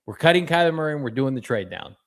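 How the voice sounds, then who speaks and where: Guy hosting a sports podcast, kinda high voice, energetic, reading fan messages. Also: fast. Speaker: podcast co-host. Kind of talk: casual sports podcast chat.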